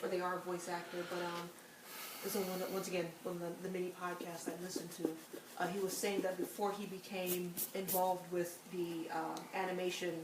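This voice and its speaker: A woman's voice: on the low side, level tone, moderate pace. A woman in a casual chat, talking hesitantly and searching for words, recorded on a distant echoey mic with noise.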